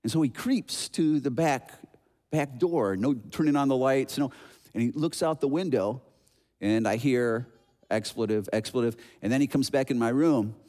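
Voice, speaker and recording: A man in his sixties from Chicago, preaching a sermon as an animated storyteller who acts out noises and voices. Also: medium pitch, normal speed. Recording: long hall reverb.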